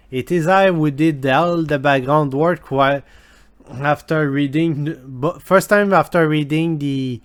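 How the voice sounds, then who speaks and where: A man voicing a cheeky male intern in a deliberately bad fake Scottish accent, reading text aloud and translating it as he goes. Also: fairly high pitch. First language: French. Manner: loud, chirpy, reads text aloud while translating.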